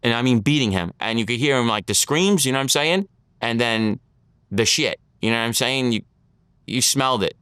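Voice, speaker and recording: A man's voice: mid-range voice, a little fast, fairly bright tone, smooth, no room sound, studio quality. A man telling his story as an interview guest, in blunt street talk, acting out the lines of others.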